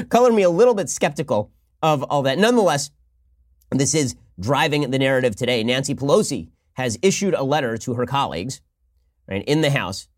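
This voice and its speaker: Man, political commentary, very fast talker, sarcastic, dry close mic. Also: medium pitch, no echo. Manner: rapid-fire, sarcastic, acts out mock dialogues.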